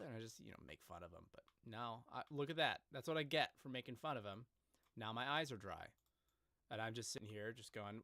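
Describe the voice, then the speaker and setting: A man's voice: lowish voice, brisk, sharp tone, dry recording, clean studio sound. A man chatting casually on a live stream, rambling and joking at his own expense. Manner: joking, rambling, self-deprecating.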